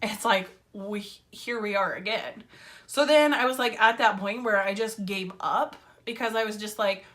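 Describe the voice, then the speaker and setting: A woman's voice: mid-range voice, moderate pace, a bit bright. A woman telling a casual story-time vlog in a chatty, filler-heavy way, with wry sarcasm. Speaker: vlogger.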